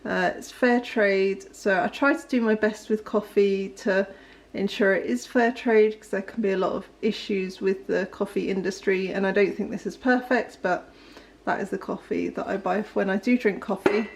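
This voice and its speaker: Filming a laid-back day-in-the-life vlog in her home kitchen, a young woman talks casually at a moderate pace in a mid-range voice. She rambles, often saying um and letting out little laughs.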